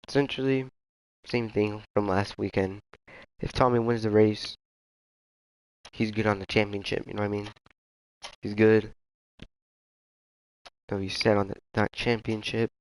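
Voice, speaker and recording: A man's voice: lowish voice, level tone, a little slow, long pauses, clean tone. A man casually commentating a sim racing league stream, rambling and easygoing with muttered asides. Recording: faint background noise.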